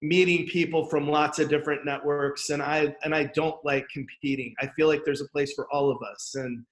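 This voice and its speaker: A man's voice: on the high side, steady tone, moderate pace, reverberant, poor audio. A man guest on an education podcast, talking candidly and from the heart, with lots of "like, you know". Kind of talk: casual conversation.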